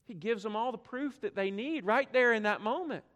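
Earnest high-voiced preacher in a reverberant hall. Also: male voice, moderate pace, a bit bright. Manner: earnest, swells and drops, rhetorical questions. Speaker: pastor. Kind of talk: sermon.

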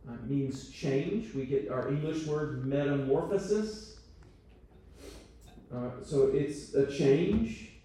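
A man's voice: mid-range voice, dark tone. A man leading a church training talk, conversational, checking in with his audience and making self-deprecating jokes. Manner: self-deprecating joking asides. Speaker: church teacher. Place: church meeting room. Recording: very echoey room, voice from far off.

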